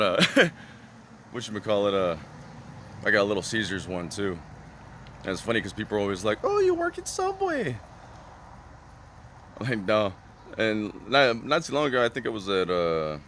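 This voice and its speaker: A man's voice: lowish voice, pushed and bright, slight background noise. A man vlogging in a casual, rambling way, full of fillers and "right?" tags, earnest and reflective.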